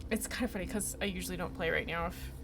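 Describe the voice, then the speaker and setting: A woman's voice: lowish voice, steady tone, fast, over music. A woman streaming a game, chatting casually in a rambling, self-deprecating way. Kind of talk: casual gameplay chat.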